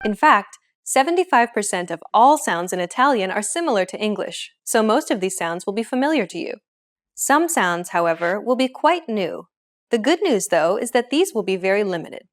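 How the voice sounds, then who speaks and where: A woman narrating a scripted pronunciation lesson as the teacher, clear and upbeat. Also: mid-range voice, big pitch swings, normal speed.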